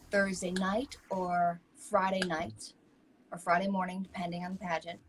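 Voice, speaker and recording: A woman co-hosts a casual online chat, spinning stories with lively ups and downs. She slips into voices for the people she quotes. Faint music sits behind her. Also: medium pitch, poor audio. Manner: animated storyteller who acts out quoted voices. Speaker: co-host.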